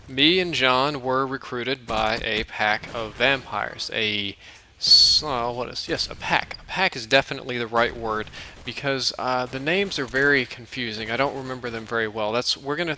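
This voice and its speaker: Male host, very bright and sharp tone, rambling dream narration, faint noise behind. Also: medium pitch. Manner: rambling, laughing, with many fillers and restarts. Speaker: gaming channel host. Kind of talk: casual dream storytelling.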